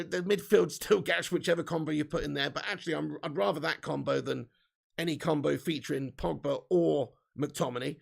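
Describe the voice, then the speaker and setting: A man hosts a live football watch-along. His voice sits high and is heavily gravelly and fried. He banters loosely with viewers and reads out their chat names and predictions. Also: fairly bright tone. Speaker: fan channel host.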